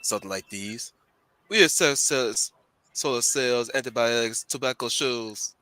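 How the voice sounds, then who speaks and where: A man putting on a gruff bartender with a Jamaican accent. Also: mid-range voice, unhurried, bright, forceful tone, slight background noise. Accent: put-on Jamaican. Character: gruff male bartender in a ruined city. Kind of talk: reading comic dialogue aloud.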